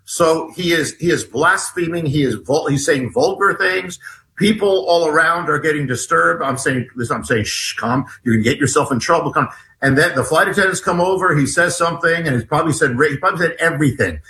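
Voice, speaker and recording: A man with a fairly high, bright, forceful voice tells a story as a guest on a talk show. He stops and restarts often and acts out what each person said. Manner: halting, many restarts, acts out dialogue. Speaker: guest author. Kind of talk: animated storytelling in an interview.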